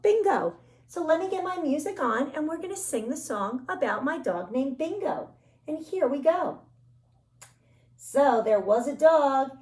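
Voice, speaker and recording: A woman librarian leading a children's story time, talking slowly and cheerfully to young children. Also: sits high. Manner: slow, cheerful teacherly talk to young children. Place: library program room. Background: backing music of a children's song.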